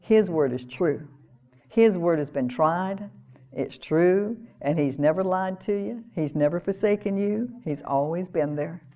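A woman preaching a sermon in an earnest, conversational way, repeating phrases and laughing softly now and then. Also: lowish voice, expressive, a little slow.

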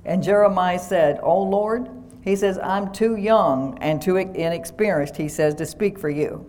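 A woman's voice: lowish voice, unhurried, a little mellow. A woman pastor preaching a sermon, reading scripture aloud and breaking each quote with "he says".

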